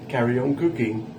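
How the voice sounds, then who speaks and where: A man's voice: medium pitch, far from the mic, background noise. Chatty man, roomy kitchen sound. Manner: chatty, self-mocking, chuckling asides. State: a little tipsy. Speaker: food reviewer. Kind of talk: casual food review vlog. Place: home kitchen.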